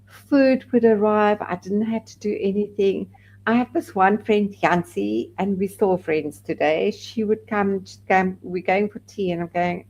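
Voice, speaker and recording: A woman from South Africa speaking as a podcast guest, recounting her own experience candidly. She talks at a slow, deliberate pace with a mid-range voice, and grows animated when she acts out the people she quotes. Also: mid-range voice, poor audio. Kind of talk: personal storytelling.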